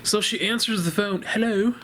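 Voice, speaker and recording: A man chats loosely about a horror film from his living room couch, wandering off track and swearing bluntly as he goes. His voice sits a little high for a man, and a faint hiss hangs under the home recording. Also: moderate pace, a bit bright. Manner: rambling, laughing, blunt and profane. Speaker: vlogger reviewing a horror film. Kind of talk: casual spoken film review.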